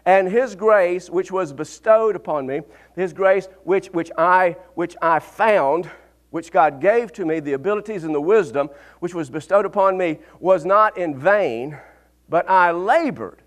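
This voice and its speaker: Male pastor, high voice, animated sermon delivery, laughs mid-line. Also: a little slow. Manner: animated preaching, rising to fervent peaks and dropping to quiet asides; laughs often mid-sentence.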